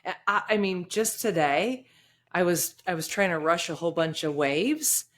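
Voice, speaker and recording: A woman's voice: lowish voice, lively intonation, moderate pace. A woman hosting a podcast, chatting enthusiastically and sharing a personal story. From United States. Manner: enthusiastic, tells personal stories. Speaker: podcast host. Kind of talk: casual chat.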